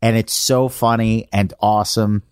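A man in his forties with a fairly low voice chats casually as a podcast host, telling stories eagerly. The recording is dry and close, with no room sound. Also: flat delivery, moderate pace, a little mellow, smooth, no echo. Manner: enthusiastic storytelling. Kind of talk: casual chat.

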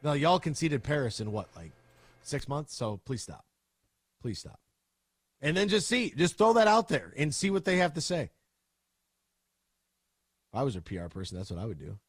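Man, sports radio co-host, lively swinging pitch, slightly husky, dry close sound, opinionated and joking. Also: dry recording. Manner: opinionated, joking, rapid-fire riffs. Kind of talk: casual sports talk.

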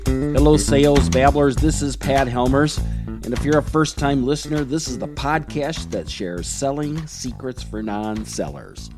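A man hosting a sales podcast interview, energetic and enthusiastic. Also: mid-range voice. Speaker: podcast host.

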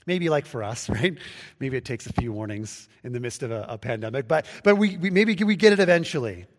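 A pastor giving a conversational sermon, with restarts and acted-out quotes. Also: male voice, mid-range voice, expressive, fairly quick, in a large hall. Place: church sanctuary, livestreamed.

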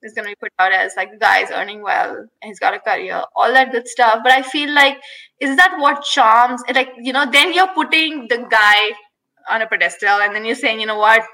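A woman's voice: on the high side, normal speed, vocal fry, bright, forceful tone, low-quality recording. A woman co-hosting a casual chat, candid and rambling, laughing often.

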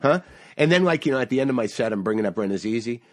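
A middle-aged man tells a stage story in a loose, heated ramble, cursing freely and stumbling over restarts. His voice sits in an ordinary middle pitch, and the sound is close and dry, with no room around it. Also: expressive, dry recording. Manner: swearing, fast restarts, heated retelling. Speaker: stand-up comedian, podcast guest. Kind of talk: casual chat, storytelling.

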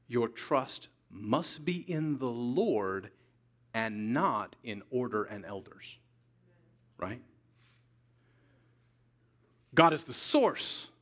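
A man preaching a sermon as pastor, emphatic, repeating key lines slowly for weight. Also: mid-range voice, fairly bright tone. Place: church sanctuary.

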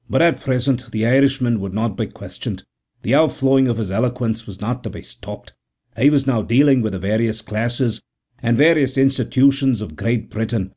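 A man reading a novel aloud as narrator in a measured, unhurried way. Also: mid-range voice, mellow, slightly rough. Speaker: audiobook narrator. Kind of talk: scripted narration.

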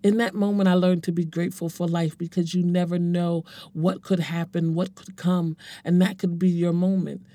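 Forties speaker for an emotional personal testimony: earnest, halting delivery, warm timbre, no room echo. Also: mid-range voice, level tone. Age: 40s. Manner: earnest, halting, repeats words while searching for them. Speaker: speaker sharing a personal story.

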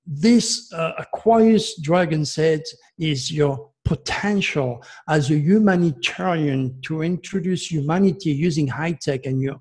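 A man's voice: fairly high pitch, darkish tone, breathy edge. A man, an astrologer guest on a radio interview, explaining at length in an emphatic, digressive way. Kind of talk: rambling radio interview talk.

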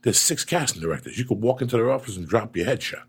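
A middle-aged man hosting a casual chat, a profane and animated storyteller with a gravelly, husky voice. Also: mid-range voice, fast talker.

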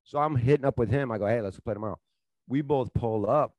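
Brief: man, mid pitch, profane storyteller, casual podcast banter, dry close sound. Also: fairly quick, no room sound, lo-fi sound. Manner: profane, animated storyteller, laughs at his own stories.

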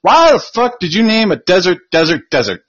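A man co-hosting a casual podcast, throwing in loud joking remarks. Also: sits high, big pitch swings, a little fast, dull audio. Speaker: podcast co-host. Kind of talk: casual comedic banter.

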